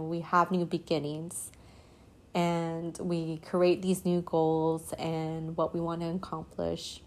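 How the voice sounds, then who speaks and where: Give me a woman hosting a solo podcast in an earnest, slow, low-pitched reflective ramble. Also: a little mellow. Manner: earnest, meandering, heavy on "you know" and "like". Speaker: podcast host.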